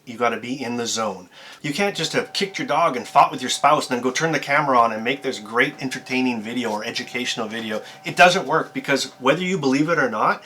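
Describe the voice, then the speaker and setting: A man with a bright, forceful voice gives a to-camera tips video. He talks in an amped-up, emphatic way, with loose fillers and restarts like someone speaking off the cuff. His pitch sits in the middle range for a man. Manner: conversational, with filler words and restarts. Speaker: YouTuber and motivational speaker.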